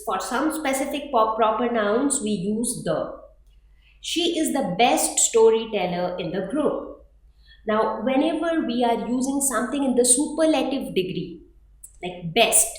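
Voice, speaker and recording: A woman's voice: a little high, lively intonation, a little slow. A woman explaining a grammar lesson patiently, repeating points and checking in with rhetorical questions. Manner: patient, repetitive, asks rhetorical "right?". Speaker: English teacher. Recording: very echoey room, mic far off.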